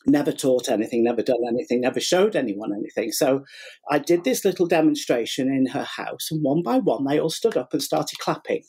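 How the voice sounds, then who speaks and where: A man's voice: mid-range voice, animated, brisk, a little mellow, slightly rough. A middle-aged man telling a long story in a casual interview, rambling with fillers and acting out what people said. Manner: rambling, many fillers and repeats, acts out quotes. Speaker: guest, sugar flower artist and teacher.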